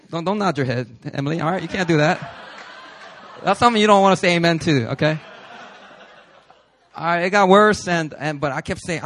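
A pastor in his thirties from New York preaching a sermon at a church service, telling stories with jokes and building to loud, emphatic shouts. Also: on the high side.

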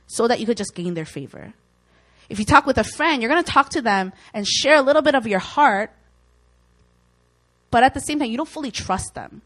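A woman's voice: medium pitch, poor audio. A young woman giving an informal, earnest Christian teaching in a conversational way, acting out worried inner voices as she goes. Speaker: Christian speaker.

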